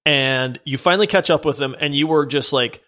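A man co-hosting a gaming podcast, retelling a quest in an animated, laughing way. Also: on the high side, brisk. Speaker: podcast co-host. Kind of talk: casual chat.

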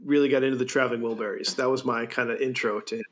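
A man's voice: medium pitch, steady tone. A man co-hosting a podcast who chimes in with short remarks and music trivia in a casual chat. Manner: brief interjections, quick to add music trivia. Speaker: podcast co-host.

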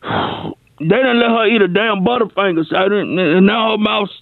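A man's voice: high-pitched, normal speed, gravelly, dry recording. A man voicing a panicky, stammering young male caller who rambles about a family emergency at home. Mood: frantic. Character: frantic young man whose great-grandmother's dentures are stuck. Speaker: comedy character caller. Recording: dry, tinny phone-line sound.

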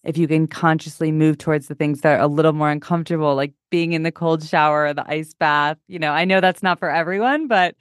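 A woman's voice: sits low, fairly even intonation, brisk, few pauses, clear, resonant tone, dry recording, studio quality. A woman speaking as a guest coach in a casual interview, upbeat and encouraging, laughing often.

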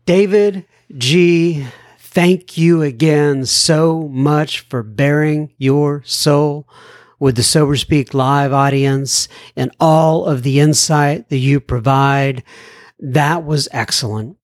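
A man's voice: fairly high pitch, no room sound, studio quality. A man from Alabama hosting a recovery podcast, reading listener mail in a folksy, joking way. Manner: folksy, joking, drawn-out phrasing. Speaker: podcast host.

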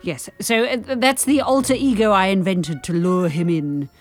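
A woman's voice: mid-range voice, fairly even intonation, moderate pace, faint music behind, pitched below the performer's own voice, close to an everyday voice. A woman voicing a theatrical female mystic who practices bibliomancy, talking in a grand, breezy, self-important manner on an improvised comedy podcast. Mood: grandiose.

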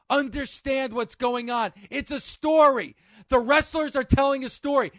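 A man's voice: very high voice, moderate pace, a bit bright, no echo. A man hosting a sports radio show, ranting emphatically with an exasperated, pleading push.

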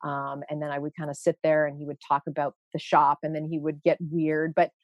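A woman's voice: low-pitched, a little fast, no echo, muffled recording. A woman guest, originally from Canada, telling a story in a casual interview and acting out the people she quotes. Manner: animated, acts out quoted voices, many fillers.

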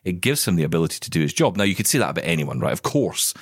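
Chatty male co-host, low voice. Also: racing, slightly rough, no room sound, studio quality. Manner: animated, chuckling, rambling restarts. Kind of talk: casual radio chat.

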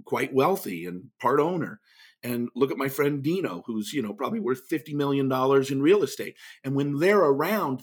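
Husky middle-aged storyteller man. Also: mid-range voice. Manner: animated storyteller, acts out quoted voices. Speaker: guest speaker and author. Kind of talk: storytelling interview answer.

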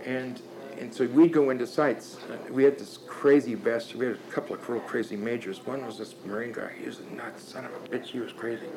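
A man's voice: medium pitch, fairly quick, a little hiss or hum, rough recording. Older man telling rowdy war stories. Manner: animated, profane, laughing storyteller with many restarts. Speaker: guest storyteller. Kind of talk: casual anecdote telling.

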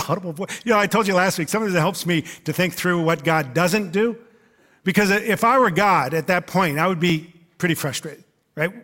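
A man preaching a sermon to his congregation in a relaxed, conversational way, with frequent "uh" fillers and asides to the listeners. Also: high voice. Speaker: pastor. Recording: long reverb of a large hall.

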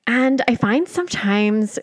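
A woman hosting a podcast who answers her guest warmly and affirmingly. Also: on the high side, lively intonation, a little slow. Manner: warm, affirming responses to a guest. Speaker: podcast host. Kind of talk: podcast interview.

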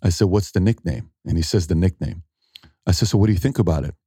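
A middle-aged man, an entrepreneur, telling animated stories in a conversational interview and acting out what people said. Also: low-pitched, fast talker, breathy edge, no room sound, clean studio sound. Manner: animated storyteller acting out quotes, emphatic.

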